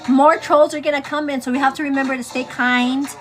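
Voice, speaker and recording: A woman's voice: high voice, fairly even intonation, a little fast, soft background music. A woman hosting a casual morning livestream, chatty and teasing, laughing often and calling her viewers "girl". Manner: laughs often, teasing then turning earnest. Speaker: livestream host. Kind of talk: casual chat on a morning get-ready livestream.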